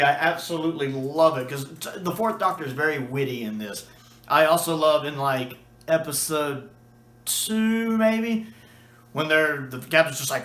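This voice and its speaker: A man's voice: a little high, normal speed, fairly bright tone, echoey room. A man chatting casually and enthusiastically as a video reviewer, with a few restarts and fillers. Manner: enthusiastic, acts out quoted lines.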